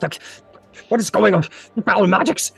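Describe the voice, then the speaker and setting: A man voicing a furious, bad-tempered male merchant in a tabletop role-play, ranting in a shrill voice. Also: rapid-fire, creaky, music in the background. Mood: panicked. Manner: shrill, ranting, short-fused.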